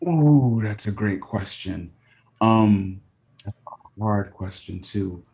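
A man as an interview guest, speaking thoughtfully with frequent pauses and ums. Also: fairly low pitch, lively intonation, a little mellow, a little hiss or hum. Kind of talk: casual interview.

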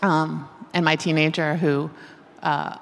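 A woman's voice: sits low, level tone, slow, creaky, a little hiss or hum. A middle-aged woman, an author, speaking thoughtfully in a conversational interview and laughing often. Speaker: author guest. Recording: long reverb of a hall.

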